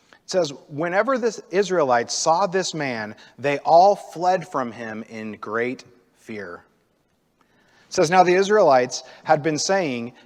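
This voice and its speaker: Animated male preacher in a reverberant hall. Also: fairly high pitch. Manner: animated storytelling, acts out quotes with rising energy. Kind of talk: sermon. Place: church sanctuary. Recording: long church hall reverb.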